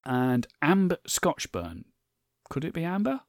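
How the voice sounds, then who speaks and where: A man's voice: fairly high pitch, huge pitch swings, a little slow, dry recording, studio quality. A man hosting his own podcast solo, speaking earnestly and thankfully, with chatty asides and small stumbles over names. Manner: earnest, thankful, reads listener reviews aloud. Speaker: podcast host.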